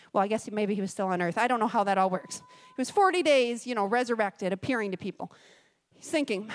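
A woman speaking at a church service in a relaxed, conversational way. Her voice sits a bit on the high side, and she reads scripture aloud, then stops to add joking, chatty asides. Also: fairly quick. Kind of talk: conversational sermon with scripture reading.

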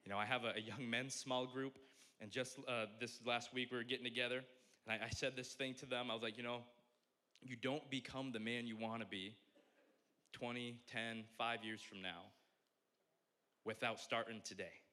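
Man, young adult, pastor, casual sermon, bright voice, joking, animated. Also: medium pitch, normal speed. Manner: conversational, self-deprecating, animated.

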